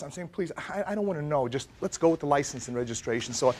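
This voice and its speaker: A man's voice: fairly high pitch, lively intonation, fast talker, darkish tone. A man, the plaintiff in a small claims court show, animatedly recounting his case and acting out what others said. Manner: dramatic, acts out quoted dialogue. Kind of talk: animated storytelling testimony.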